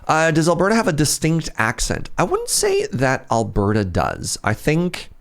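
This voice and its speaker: A man's voice: fairly high pitch, huge pitch swings, moderate pace, gravelly. A man with a Pacific Northwest Canadian accent, chatting casually and rambling as he answers viewer questions while playing a game on a live stream.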